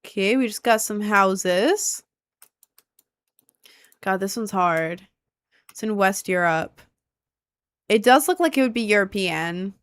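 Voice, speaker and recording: A woman's voice: medium pitch, lively intonation, takes it slowly, long pauses, no room sound. A young woman streaming a map-guessing game, thinking aloud and asking her chat for help in casual gameplay commentary.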